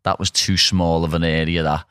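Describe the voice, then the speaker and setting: A man's voice: low voice, little pitch movement, normal speed, fairly bright tone, smooth, no room sound, clean studio sound. A man with a Scouse accent interviewing a guest in a chatty, casual way with local slang. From Liverpool, England.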